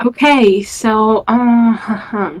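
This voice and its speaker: Slow, tentative young woman player. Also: fairly high pitch, rough recording. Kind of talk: casual tabletop play.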